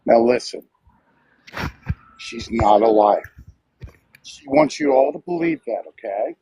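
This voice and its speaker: A man's voice: mid-range voice, huge pitch swings, slow, vocal fry, warm tone, breathy edge. A man joining a livestream as a guest, speaking emphatically with many filler sounds. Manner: emphatic, full of filler uhs. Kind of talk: casual livestream chat. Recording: dull dry lo-fi audio.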